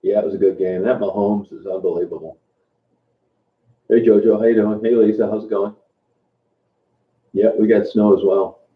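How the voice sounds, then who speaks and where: A man with a fairly low voice chats loosely with his live viewers, trailing off and restarting as he goes. The sound is thin and phone-like. It bounces around a roomy space. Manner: relaxed, halting, many fillers and restarts. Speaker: livestream host. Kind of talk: casual chat with live viewers. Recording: tinny phone-like sound in an echoey room.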